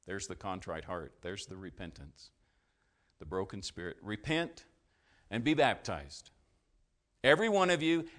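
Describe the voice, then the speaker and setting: A male preacher delivering a sermon, asking his congregation questions, then swelling to loud, fervent climaxes before dropping low and quiet. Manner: asks the congregation questions and answers them.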